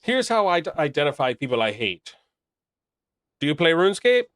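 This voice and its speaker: A man's voice: a little high, sing-song, moderate pace, fairly bright tone, no room sound, studio quality. A young man chatting casually on a live stream, rambling and making crude jokes while reacting to chat. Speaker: livestreamer reading chat.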